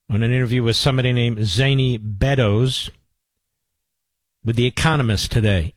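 A man's voice: medium pitch, normal speed, no room sound, rough recording. A man hosting a talk radio show, speaking emphatically and piling up repeated phrases for force. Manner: emphatic, forceful, building in repetition. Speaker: radio host.

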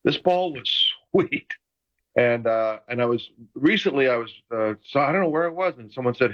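A man in his sixties, a retired football player calling in from a room at home, telling lively stories in casual chat. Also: mid-range voice, moderate pace, highs cut off. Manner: animated, enthusiastic anecdotes. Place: home room full of memorabilia.

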